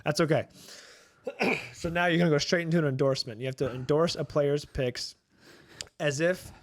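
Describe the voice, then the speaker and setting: A man hosting a podcast game, playful and brisk as he sets up rounds. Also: on the high side, steady tone. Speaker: podcast host running the game. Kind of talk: casual podcast banter.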